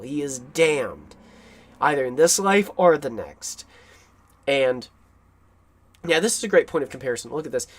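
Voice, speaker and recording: Film commentator, rambling, enthusiastic, lots of ums, casual voice-over. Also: mid-range voice. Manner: rambling, enthusiastic, many fillers.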